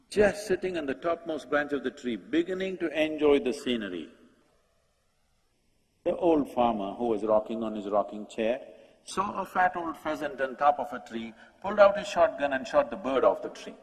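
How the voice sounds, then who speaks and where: A man giving a public talk at a conference. He is animated, asks rhetorical questions and speaks straight to the audience. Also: mid-range voice, a little hiss or hum. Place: large conference hall. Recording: long hall reverb.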